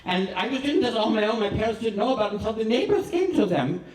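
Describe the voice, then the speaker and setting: A flamboyant, self-adoring cabaret host, played by a man rambles through theatrical, self-mocking stories in a vague put-on European accent. His voice sits high. The sound is roomy and distant, as if the mic were across a small live venue. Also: big pitch swings, quick pace, a little mellow. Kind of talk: live stand-up monologue.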